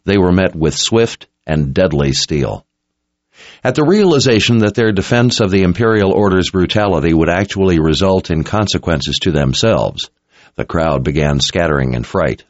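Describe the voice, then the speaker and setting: A man's voice: deep voice, no room sound, lo-fi sound. A man reading a dramatic story aloud as narrator, in an intense, scripted audiobook style.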